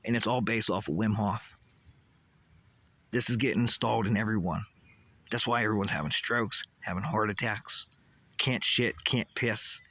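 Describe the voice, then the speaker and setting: Intense bright-voiced man rambling. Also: fairly low pitch, steady tone, normal speed, long pauses. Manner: intense, rambling, swears often, repeats shouted questions. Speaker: vlogger. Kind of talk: rambling monologue to camera.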